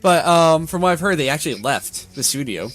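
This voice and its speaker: A man's voice: on the high side, expressive, brisk, dry recording, faint music behind. A man co-hosting a casual podcast, hesitant and fumbling for words. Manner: hesitant, many fillers and restarts. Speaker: podcast co-host. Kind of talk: casual chat.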